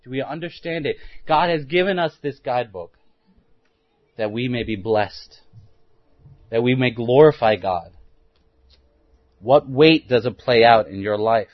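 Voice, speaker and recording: A man's voice: mid-range voice, lively intonation, unhurried, pauses often, no room sound. Male preacher mid-sermon, questions the congregation, dry, slightly dull recording. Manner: asks the listeners many rhetorical questions; restarts and repeats words while thinking aloud.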